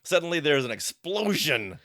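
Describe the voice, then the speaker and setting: A man with a bright, forward voice co-hosts a casual podcast and recaps a comic story. His pitch swings widely as he reads lines aloud, and he breaks into laughter often. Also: sing-song, normal speed.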